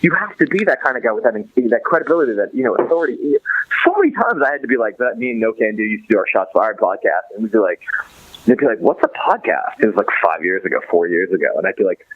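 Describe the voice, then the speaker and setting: A man's voice: on the low side, lively intonation, quick pace, no room sound, narrow, tinny audio. A man from Los Angeles, a podcast guest, talking in a casual, rambling way full of restarts and fillers. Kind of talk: casual chat.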